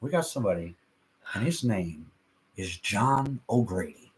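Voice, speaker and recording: A man's voice: on the low side, sing-song, unhurried, slight background noise. A man co-hosting a casual livestream, telling stories with lots of fillers. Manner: chatty storyteller with many fillers. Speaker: livestream co-host. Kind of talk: casual chat.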